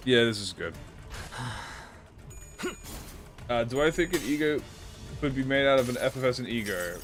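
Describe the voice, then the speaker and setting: A young man chats on a live stream as he plays a game, his voice jumping all over the place as he swears and stumbles through restarts. He keeps insisting to chat that he's not upset. Game music plays clearly behind him. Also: mid-range voice, moderate pace. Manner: excitable, swears a lot, jumps to deny being upset; rambling, stammering restarts. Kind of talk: casual live-stream chat while gaming. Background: game music playing.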